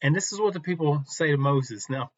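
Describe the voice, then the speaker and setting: A man teaching from the Bible in a relaxed, conversational devotional talk, unhurried and with some restarts. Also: fairly high pitch, no room sound, muffled recording.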